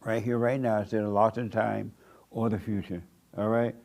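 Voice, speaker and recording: A man's voice: fairly low pitch, level tone, normal speed, creaky, darkish tone. A man preaching a sermon in a church room, blunt and repetitive, with rhetorical questions. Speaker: pastor.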